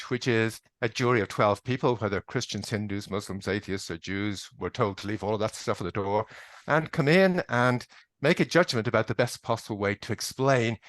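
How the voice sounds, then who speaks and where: A man lecturing at an invited academic talk, pressing his points emphatically and shifting pace as he argues. His voice sits fairly low. The sound is dry and close, with no room echo. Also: fairly bright tone. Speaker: invited speaker.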